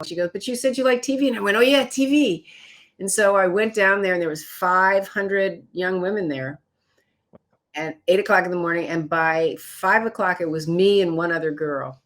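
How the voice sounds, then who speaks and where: An older woman from Chicago telling stories about her career in an interview, acting out other people's lines. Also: moderate pace. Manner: animated storyteller, acts out quotes in higher voices. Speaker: guest. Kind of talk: storytelling interview.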